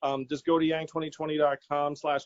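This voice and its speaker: Animated man, bright voice, dry sound. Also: on the high side, a little fast, no echo. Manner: animated storyteller, quotes people, laughs easily. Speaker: political candidate guest. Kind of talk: casual interview answers. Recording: dull lo-fi audio.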